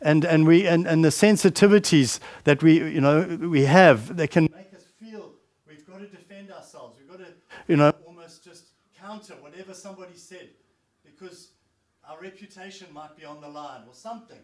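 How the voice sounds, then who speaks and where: High-voiced man preaching a sermon. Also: moderate pace. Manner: conversational, repeats words, asks questions.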